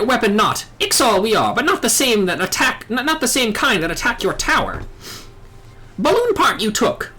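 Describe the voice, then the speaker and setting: A woman voicing an excitable male bird-man tinkerer who squawks and speaks in broken, backwards word order. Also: fairly high pitch, slightly rough, full character voice.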